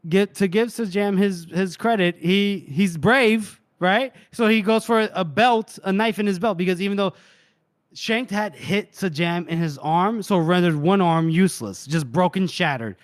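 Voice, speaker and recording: A man's voice: high-pitched, moderate pace, no room sound, studio quality. A man co-hosting a podcast, casually recapping a novel chapter and acting out the characters' lines. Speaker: podcast co-host. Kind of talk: casual book recap chat.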